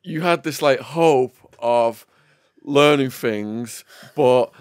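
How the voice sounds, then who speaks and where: A man's voice: medium pitch, slow, no room sound, studio quality. A man hosting a podcast, mostly giving short acknowledgements and asking brief probing questions. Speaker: podcast host. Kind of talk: interviewing.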